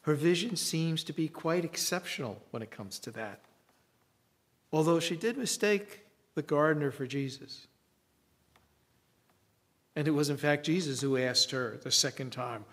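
A man preaching a sermon in a reflective way, with long dramatic pauses. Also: on the high side, fairly bright tone.

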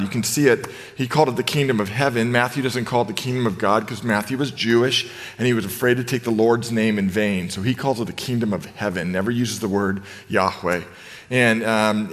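A man preaching a sermon as pastor, earnest and conversational with the odd filler. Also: mid-range voice. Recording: long hall reverb.

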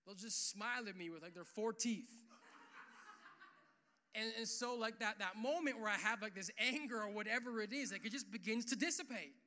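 A young adult man preaching a sermon in a casual, animated way, full of "like" and "uh", swelling louder on key points. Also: sits high, moderate pace. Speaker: pastor.

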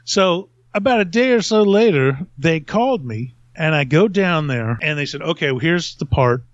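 A man's voice: a little high, lively intonation, normal speed, no room sound. Middle-aged male host, casual rambling storyteller who laughs at himself; dry, dull-sounding audio. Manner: rambling, self-mocking, laughs at own stories. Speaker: podcast host.

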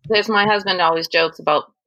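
A woman co-hosting a casual chat, speaking in a measured, agreeable and wry way. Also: on the low side, pushed and bright, no echo. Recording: dull lo-fi sound.

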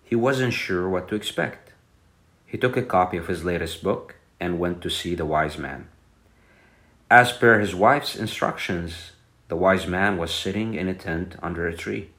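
Man with a very low voice reading a calm bedtime story, soothing and slow. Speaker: podcast host and storyteller.

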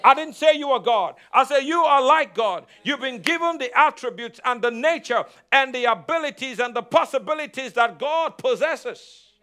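Male pastor, very high pitch, emphatic repetitive sermon delivery, call-and-response. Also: animated, normal speed, pushed and bright. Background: congregation answering amen.

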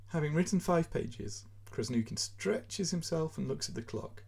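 Male podcast reader, measured expressive storytelling, gravelly fry and a breathy edge. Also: mid-range voice. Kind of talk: reading a short story aloud.

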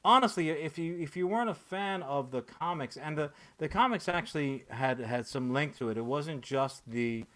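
A man's voice: on the high side, normal speed, hardly any pauses. Profane, ranting podcast host man. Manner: profane, ranting, animated with filler words. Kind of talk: casual podcast chat.

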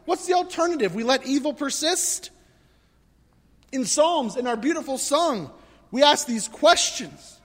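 Male pastor, sermon, rhetorical questions, bright high voice, swooping delivery, reverberant hall. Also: unhurried. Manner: conversational, animated preaching with rhetorical questions.

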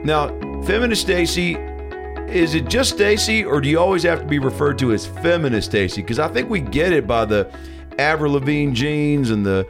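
A man doing a crude gravelly TV doctor. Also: a little high, lively intonation, normal speed, music in the background. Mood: rambling. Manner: crude, rambling, leering. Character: brash older male TV doctor host, crude. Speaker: talk show host. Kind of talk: improvised comedy sketch.

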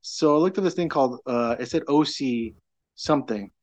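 A middle-aged man guesting on a podcast, telling a long story in a casual, meandering way. His voice sits at an ordinary middle pitch, and his talk is full of fillers, false starts and restarts. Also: normal speed, darkish tone. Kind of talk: casual chat.

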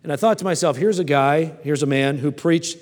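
A man's voice: on the high side, brisk, a little mellow. Folksy man preaching in a reverberant hall. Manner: folksy, stammering restarts, asks the audience. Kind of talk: sermon with personal storytelling.

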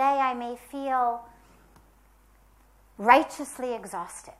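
A woman speaks earnestly in a spiritual talk, leaning hard on key words and pausing between phrases. Her voice sits a little high for a woman. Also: a bit bright. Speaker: spiritual teacher.

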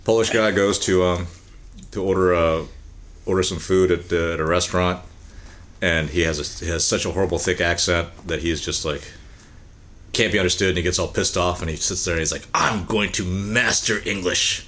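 Low-voiced male podcast co-host, casual and animated, acts out quotes. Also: fairly quick. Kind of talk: casual chat.

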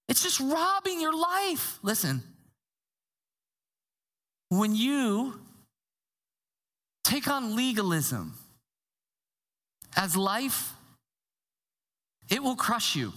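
A woman pastor preaching a sermon with a high, ringing voice. She talks in a lively, conversational way and acts out quotes along the way. She often sinks to a hushed, low tone to drive a point home. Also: extremely slow, long pauses. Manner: drops to a hushed tone for emphasis.

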